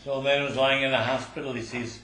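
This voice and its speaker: A man's voice: medium pitch, fast, slight background noise. Older man telling jokes in an echoey room. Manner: relaxed storytelling, small restarts. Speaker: joke teller. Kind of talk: live joke telling. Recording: roomy echoing room.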